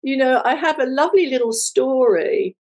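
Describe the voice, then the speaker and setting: A woman's voice: sits high, normal speed, rough recording. Older woman telling stories animatedly. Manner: animated, acts out quoted voices. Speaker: guest, multimedia artist. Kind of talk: conversational storytelling.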